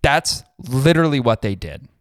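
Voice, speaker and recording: A man's voice: mid-range voice, animated, normal speed, no room sound, clean studio sound. A man co-hosting a podcast, heatedly ranting with lots of swearing in a casual talk style. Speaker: podcast co-host.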